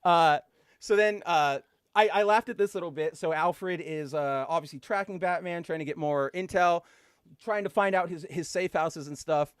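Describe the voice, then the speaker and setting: A man co-hosting a podcast, chatting casually and excitedly, full of fillers and gushing asides. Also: on the high side, moderate pace, clear, resonant tone, no echo, clean studio sound. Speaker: podcast co-host. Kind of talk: casual comic book chat.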